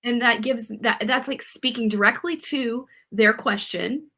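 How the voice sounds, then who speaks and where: A woman co-hosting a talk show, explaining her approach in a calm, measured way with examples. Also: fairly high pitch. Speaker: podcast co-host. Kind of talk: casual chat.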